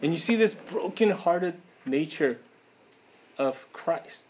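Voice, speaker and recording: A man's voice: fairly high pitch, lively intonation, slow pace, a little mellow, breathy edge. A man preaching a casual sermon in a conversational way, with many fillers and frequent tag questions.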